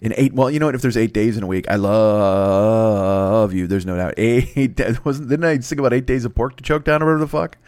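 A man's voice: mid-range voice, quick pace, hardly any pauses, a little mellow, no echo, studio quality. A man hosting a podcast in a rambling comic monologue, profane and self-mocking, often stammering and restarting his sentences. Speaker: podcast host.

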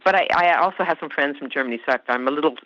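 Here a Canadian-raised actress whose first language is Hungarian talks in a rapid-fire, low-pitched voice with no room sound. She's an exuberant guest in a casual interview chat, laughing often, captured in a dry, slightly muffled podcast recording.

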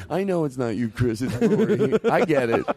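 A man's voice: high-pitched, mellow, slightly rough. A man hosting a comedy show in a studio, bossing people around with mock authority, shushing and laughing between lines. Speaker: podcast host. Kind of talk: comedic banter.

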